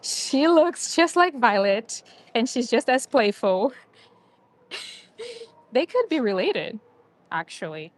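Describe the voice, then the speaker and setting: High-voiced woman cooing at shelter dogs. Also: very animated, slow pace, long pauses. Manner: cooing baby talk to dogs. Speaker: livestream host. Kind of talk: casual livestream chat. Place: loud indoor animal shelter kennels. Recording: noisy kennel with barking dogs. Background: barking dogs.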